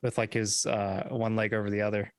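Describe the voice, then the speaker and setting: A man's voice: lowish voice, little pitch movement, fairly quick, clean tone, no room sound, studio quality. A man playing in a tabletop game, talking in a hesitant, playful way. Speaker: player. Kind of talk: casual tabletop play.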